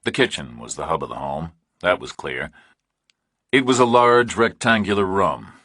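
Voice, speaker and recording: Male narrator, very deep, husky, measured thriller read. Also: sing-song, bright, forceful tone, dry recording, studio quality. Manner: measured, deliberate reading. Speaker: audiobook narrator. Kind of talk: scripted narration.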